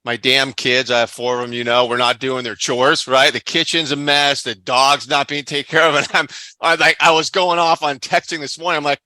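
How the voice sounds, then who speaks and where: A man's voice: mid-range voice, steady tone, brisk, sharp tone, dry recording. A middle-aged man hosting a podcast interview, chatting casually and affirming his guest often. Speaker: podcast host.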